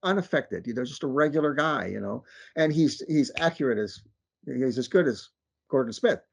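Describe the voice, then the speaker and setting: Husky, gravelly man arguing earnestly. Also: medium pitch, expressive, moderate pace. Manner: earnest, argumentative, repeats words for emphasis. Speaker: author and researcher. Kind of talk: casual conversation.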